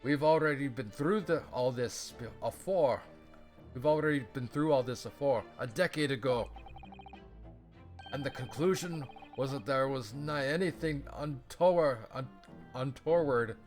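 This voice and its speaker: A man's voice: mid-range voice, a little slow, darkish tone, faint music behind, voice pushed up, close to an everyday voice. A man voicing a blustering middle-aged male prison governor in a put-on Scottish accent, stumbling over his words. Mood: flustered.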